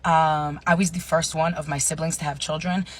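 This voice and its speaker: Woman in her 30s, husky, chatty storytime with hushed asides. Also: low voice, flat delivery, moderate pace. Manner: chatty, full of fillers, drops to hushed asides. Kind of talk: casual storytime monologue.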